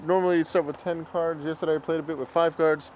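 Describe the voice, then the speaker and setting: A man's voice: a little high, fairly even intonation, fast, darkish tone, a little hiss or hum. A young man in his twenties talking casually in a daily vlog, rambling and thinking aloud as he goes. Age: 20s. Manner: rambling, thinking aloud with fillers and self-corrections. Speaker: vlogger.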